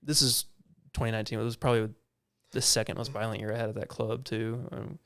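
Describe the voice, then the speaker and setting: Smooth-voiced man, halting casual talk. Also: fairly low pitch, level tone, fairly bright tone. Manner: halting, restarting, sheepish. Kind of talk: casual chat.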